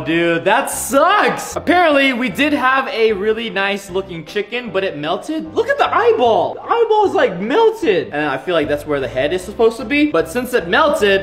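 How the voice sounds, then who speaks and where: High-voiced excitable young man tasting food. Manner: excitable, chatty, lots of tasting noises. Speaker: vlogger. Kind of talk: casual food taste-test vlog. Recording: echoey room with background music.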